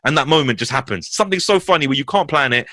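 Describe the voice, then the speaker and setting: A man with a London accent talks quickly in a bright voice, spinning animated, slangy anecdotes and swearing freely. It is a casual podcast chat with a dry, close sound. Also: on the high side, dry recording. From West London. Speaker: podcast guest.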